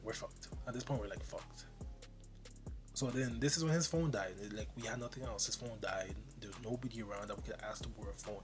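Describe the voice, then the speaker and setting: Young guy telling a story, lowish voice, swears a lot, music playing behind. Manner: animated storytelling, slangy and profane. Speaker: vlogger. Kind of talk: story time vlog.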